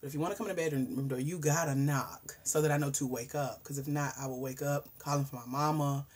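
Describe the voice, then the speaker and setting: Husky-voiced woman chatting live. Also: low voice, quick pace. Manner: chatty and animated, swinging from hushed asides to loud exclamations. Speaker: host. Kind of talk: casual livestream chat.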